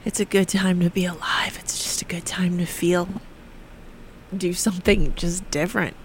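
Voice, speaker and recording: A speaker in a radio studio giving a heartfelt, reflective monologue, halting with frequent restarts and sometimes dropping into a near whisper. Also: medium pitch, fairly even intonation, slight background noise. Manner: earnest and heartfelt, drifting at times into a near whisper. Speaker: radio show speaker on grief and spirit communication.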